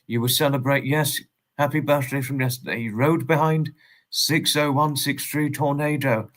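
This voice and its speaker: English male livestream host, mid-pitched, rambling and repetitive, politely formal with viewers. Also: fairly even intonation, normal speed, fairly bright tone. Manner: rambling, repeats himself, polite and formal phrasing. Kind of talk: casual livestream chat, greeting viewers and reading messages.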